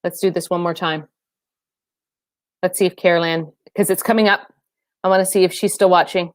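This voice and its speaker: A woman's voice: on the low side, steady tone, normal speed, dry recording. A woman fitness trainer hosting a casual live stream, chatting and laughing with viewers and calling them by name.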